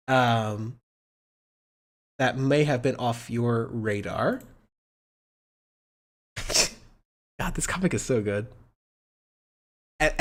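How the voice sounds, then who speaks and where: A man hosting a casual political livestream, rambling and sarcastic, with a profane, joking way of talking. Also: medium pitch. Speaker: livestream host.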